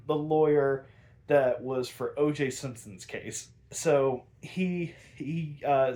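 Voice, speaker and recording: A man with a slightly high, darkish voice recaps a cartoon episode in a casual ramble. He fills it with likes and ums and laughs frequently.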